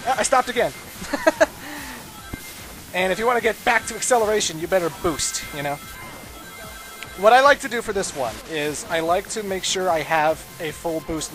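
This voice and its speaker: A man's voice: high voice, fairly bright tone. A man giving casual, chatty gameplay commentary as a let's play host, with frequent asides to viewers.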